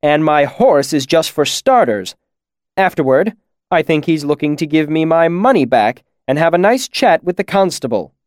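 A man voices an indignant, sharp-tongued male scribe, speaking in a clipped, cutting, angry way. His fairly high pitch sits above his own natural voice yet stays close to an everyday one, with lively intonation and moderate pace. The studio-quality recording has no echo.

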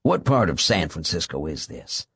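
Guy doing a low husky bitter man stuck in a hospital bed, dry close sound. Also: very animated, moderate pace, fairly bright tone, no echo, full character voice. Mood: puzzled. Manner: low, grim and seething. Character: bitter bedridden man, furious at his wife.

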